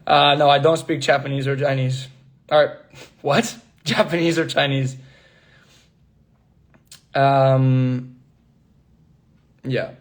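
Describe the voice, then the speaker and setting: A man's voice: medium pitch, fairly even intonation, takes it slowly, long pauses. A young man in casual livestream chat, reading fan comments aloud, laughing often and hopping between languages as he answers. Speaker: actor answering fans.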